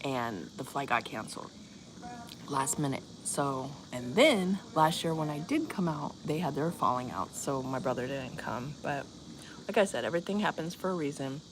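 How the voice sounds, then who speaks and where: Her voice is very deep and animated, moving at normal speed, as this vlogger in her fifties tells her viewers a meandering, filler-heavy story in a casual chat. A loud chorus of crickets and insects runs underneath.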